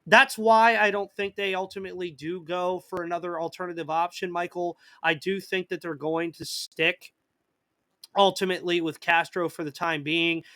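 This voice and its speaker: Bright-voiced man hosting a live podcast. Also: sits high, level tone, normal speed, no echo. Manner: casual, reads viewer comments and answers them. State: coughing. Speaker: podcast host. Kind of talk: live postgame podcast chat.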